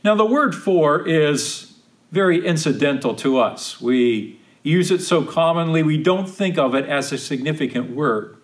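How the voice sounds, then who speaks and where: A man leads a Bible study in a measured, unhurried delivery. His voice sits a little higher than most men's, and he leans on key phrases, repeating them for weight. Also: animated. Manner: slow, deliberate, emphatic repetition of quoted verses. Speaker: Bible teacher.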